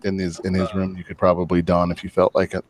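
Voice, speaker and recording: A man's voice: low-pitched, completely flat delivery, fast, no echo. A man running a tabletop game as game master, answering players in an easygoing way. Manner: easygoing, brief confirmations.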